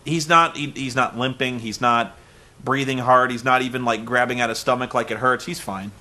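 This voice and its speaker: A man's voice: medium pitch, fairly even intonation, normal speed, sharp tone. A man reviewing a wrestling show in a sarcastic, exasperated comedic recap.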